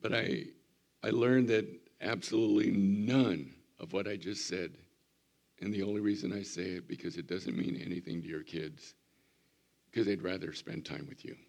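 Older pastor in his seventies, hoarse and gravelly, very low, folksy sermon delivery. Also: moderate pace. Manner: folksy storytelling, animated when mimicking. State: hoarse, recovering voice after surgery.

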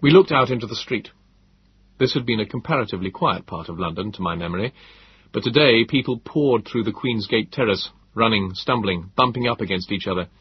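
A man narrating a story in a measured, descriptive way. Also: on the low side, lively intonation, husky, no echo, lo-fi sound. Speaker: audiobook narrator. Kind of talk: scripted narration.

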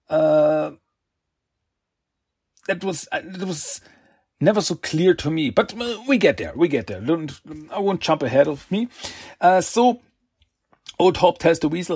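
A husky man with a fairly high voice recaps a comic story at an unhurried pace. He rambles, stops to fix names, and chuckles along. The sound is dry and close. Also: no room sound. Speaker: comic book recap host.

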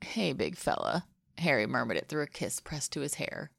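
A woman voicing a protective adult man who speaks gently to a frightened child. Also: rumbling low, fairly quick, gravelly, no room sound, studio quality, pitched below the performer's own voice, heavily acted. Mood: tender. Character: adult man, protective godfather, tense but tender.

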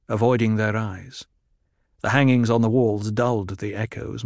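A man in scripted audiobook narration, telling the story in a measured, even way. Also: on the low side, no echo, clean studio sound.

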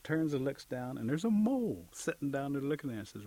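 A man telling a folk tale aloud, lively and acting out the characters' voices. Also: medium pitch, fast talker, hardly any pauses. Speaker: storyteller. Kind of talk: oral storytelling.

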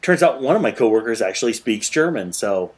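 Guy cohost on a podcast, animated, laughs a lot, pitch jumps up when excited. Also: brisk, husky. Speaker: podcast co-host. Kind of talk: casual chat.

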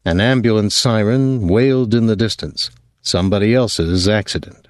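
A man reading a novel aloud as an audiobook narrator, in an even, unhurried way. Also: on the low side, dry recording. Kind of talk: scripted narration.

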